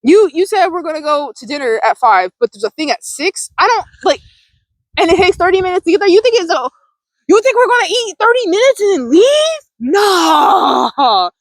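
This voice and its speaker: A woman with a high voice talks in a casual self-help vlog, blunt and profane, restarting her sentences as she goes. She is recorded outdoors beside a big tree, and the sound is dry and close. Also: animated, brisk, no echo, poor audio. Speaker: vlogger. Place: outdoors near a large tree. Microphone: phone or camera recording herself.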